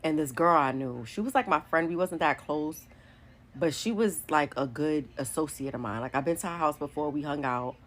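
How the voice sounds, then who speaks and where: Deep-toned woman; candid, rambling storytime vlogger. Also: normal speed, fairly bright tone, a little hiss or hum. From New York City. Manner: chatty and candid, many likes and whatevers. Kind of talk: casual storytime monologue.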